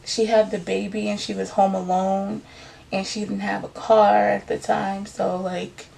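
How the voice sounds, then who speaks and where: A woman's voice: mid-range voice, little pitch movement, unhurried, vocal fry, a little mellow. A young woman vlogger telling a personal story in a casual, emotional way, acting out what others said. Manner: emotional, retells events by acting out others' words.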